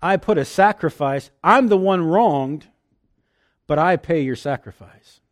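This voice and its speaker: A man preaching a sermon, emphatic, swinging from loud declarations to hushed asides and acting out quoted lines. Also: on the high side, expressive, measured pace.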